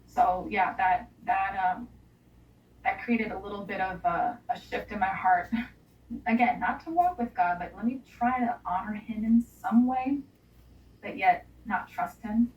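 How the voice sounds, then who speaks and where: A young woman recounts her past in a loose, heartfelt way, full of casual slang. Her voice sits at an ordinary middle pitch. It sounds set back from the mic in a roomy, echoing space. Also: darkish tone, recorded from a distance. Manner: candid, emotional storytelling with casual slang. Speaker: interview guest. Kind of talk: personal testimony in an interview.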